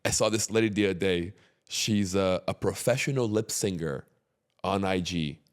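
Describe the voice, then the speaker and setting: A man with a somewhat low voice hosts a relaxed podcast chat. He talks emphatically, lifting his energy when he drives a point home, and drops casual swearing along the way. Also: moderate pace. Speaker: podcast host.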